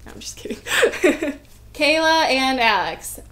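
A woman in her twenties opening fan mail for her vlog, gushing and chatty with excited asides. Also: high-pitched, slow pace. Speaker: vlogger.

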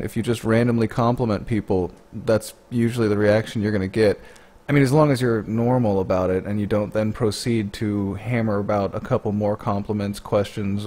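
A man with a fairly low voice talks over a video, sarcastic and blunt, swearing freely. He mocks what he hears with dry scorn. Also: dark tone. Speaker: commentator. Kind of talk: sarcastic commentary.

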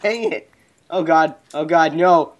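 A man's voice: a little high, measured pace, lo-fi sound, very noisy. A man hosting a game channel, giving casual let's-play commentary and yelping at the game. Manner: excitable, yelps and laughs at the game. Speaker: gaming channel host.

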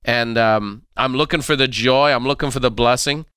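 A middle-aged man from Ireland, hosting an interview and telling animated stories. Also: mid-range voice, normal speed, smooth, dry recording, clean studio sound. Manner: animated anecdotes with laughs and acted-out quotes. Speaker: podcast host. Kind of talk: conversational interview storytelling.

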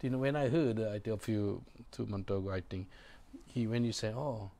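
This preacher's voice is dark and on the low side, and he talks a little fast. His sermon comes in non-native English with broken grammar, full of emphatic repeated phrases and calls for the congregation to answer.

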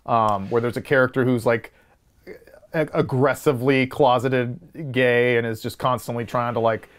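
A man's voice: mid-range voice, fairly even intonation, normal speed. A man co-hosting a casual movie review podcast, arguing his points emphatically and restarting sentences as he builds them. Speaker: podcast co-host.

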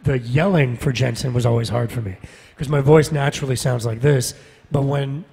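Convention-panel guest: husky, mid-pitched man, relaxed and self-deprecating, heard over a reverberant hall PA. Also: moderate pace. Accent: Canadian. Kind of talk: casual panel Q&A. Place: large convention hall stage.

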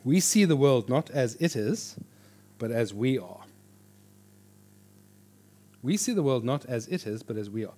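Animated man teaching a church class. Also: mid-range voice, a little slow, long pauses. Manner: animated, jokey, with lively quoted voices. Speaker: pastor teaching a Bible course. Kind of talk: conversational teaching talk. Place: church hall before an audience.

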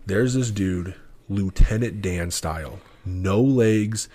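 A young man with a lowish, husky voice, telling a long anecdote as a podcast guest. He talks quickly and animatedly in casual chat, constantly dropping "like" as he goes. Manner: fast, animated, lots of filler "like". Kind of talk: casual storytelling.

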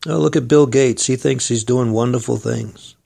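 A man's voice: medium pitch, moderate pace, vocal fry, warm tone. A man preaching an earnest sermon, exhorting his listeners and reading scripture aloud. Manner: earnest, exhorting, addresses listeners as friend and folks.

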